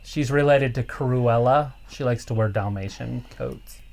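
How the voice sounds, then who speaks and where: A man's voice: medium pitch, a little slow, vocal fry, darkish tone. A man co-hosting a live stream in casual chat, joking and teasing his co-host.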